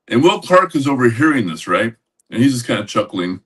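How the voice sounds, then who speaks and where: An older man co-hosting a podcast, telling a rambling anecdote with lots of halting restarts over a video call. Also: medium pitch, very animated, a bit bright, husky, distant mic. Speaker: podcast co-host. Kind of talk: casual storytelling.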